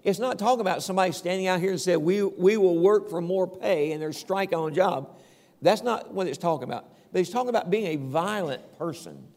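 Talking fast, an older pastor delivers a relaxed, conversational sermon, checking in with listeners and chuckling occasionally. His somewhat high voice has a gravelly edge, and long church-hall reverb trails each phrase.

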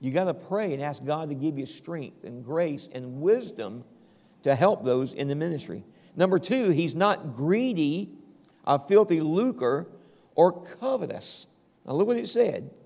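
A man's voice: a little high, lively intonation, measured pace, dark tone. An older man preaching a conversational sermon as pastor, often checking in with the congregation and chuckling now and then. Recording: long reverb of a large hall.

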